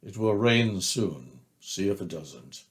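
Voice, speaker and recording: A man doing a gloomy slow old donkey. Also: mid-range voice, big pitch swings, a little mellow. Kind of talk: storybook reading.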